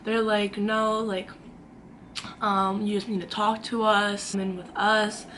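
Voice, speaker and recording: A woman's voice: mid-range voice, flat delivery, slow pace, fairly bright tone, a little hiss or hum. A young woman vlogging from her own room, telling a dramatic story in a chatty way and acting out the quotes. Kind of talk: storytime vlog.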